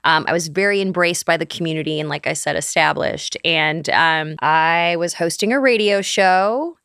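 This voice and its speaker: Bright, animated woman telling a story. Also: low voice, moderate pace, clear, resonant tone, no echo, clean studio sound. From St. Louis, USA. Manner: animated, acts out quoted dialogue. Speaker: guest. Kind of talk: casual interview storytelling.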